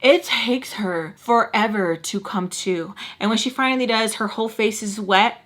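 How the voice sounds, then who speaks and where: A woman vlogger telling a dramatic personal story in a casual, slangy, animated way. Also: mid-range voice, moderate pace. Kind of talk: storytime vlog, casual chat.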